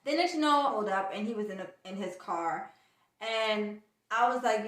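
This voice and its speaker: A woman's voice: mid-range voice, moderate pace. A woman vlogger telling a casual storytime and acting out the dialogue as she goes. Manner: animated storyteller, acts out quoted dialogue. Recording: echoey room, distant mic.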